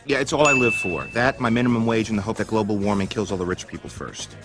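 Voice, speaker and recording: A man's voice: lowish voice, fast talker, lightly acted. A man voicing a sarcastic, underpaid male service worker with dry, bitter humor, over music.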